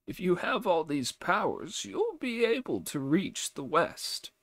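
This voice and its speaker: A man voicing a timid, dim-eyed old male farmer who speaks slowly and wryly. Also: high voice, big pitch swings, a bit bright, no room sound, voice pushed up, heavily acted.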